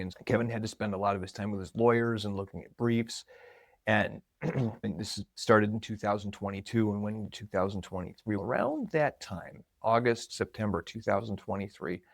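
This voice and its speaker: A man tells a personal story in a relaxed, reflective, conversational way. His voice sits a little low. The sound is dry and close. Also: dry recording. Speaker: marketing coordinator.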